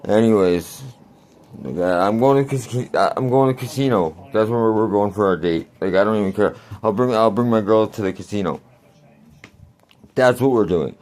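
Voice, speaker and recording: A man's voice: fairly low pitch, moderate pace, a little mellow. A man in his forties telling a rambling, crude story in a casual vlog, laughing often. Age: 40s. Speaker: vlogger.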